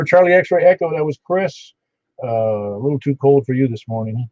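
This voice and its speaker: Net-control man, folksy and chatty, mellow dark voice, dry, muffled lo-fi audio. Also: medium pitch, expressive, normal speed, dry recording. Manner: folksy and chatty, reading out call signs. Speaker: net control for an amateur radio net. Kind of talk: casual on-air radio net chat. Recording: dull lo-fi radio audio.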